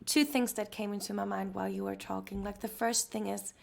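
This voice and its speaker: A woman hosting a podcast interview, listening attentively with soft backchannels and casual reflections. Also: medium pitch, fairly even intonation, a little fast, gravelly. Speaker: podcast host.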